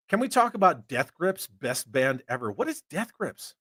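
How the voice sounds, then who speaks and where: A man's voice: a little high, very animated, normal speed, few pauses, bright, forceful tone, no room sound, clean studio sound. A man hosting a toy collecting live stream, chatting casually, joking and swearing while he reads comments. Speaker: army veteran.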